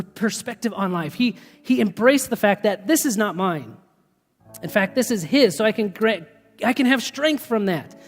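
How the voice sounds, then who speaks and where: A man preaching a sermon, spinning stories with lively energy and frequent laughter. His voice carries a long church-hall reverb, with faint music underneath. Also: high voice. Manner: storytelling, animated, laughs often. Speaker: pastor.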